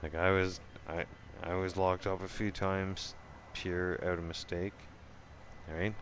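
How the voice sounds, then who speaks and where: A man with a deep, low voice tells a story from his own channel at an unhurried pace. His talk is casual and profane, full of restarts and tag questions. A faint hiss sits under the recording. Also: little pitch movement. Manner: profane and rambling, restarts a lot, keeps asking "right?". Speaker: channel host telling a story.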